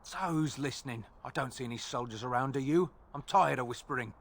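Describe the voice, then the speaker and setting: A man's voice: medium pitch, a little fast, creaky. A man voicing a brash, mocking dwarf gossip in a video game.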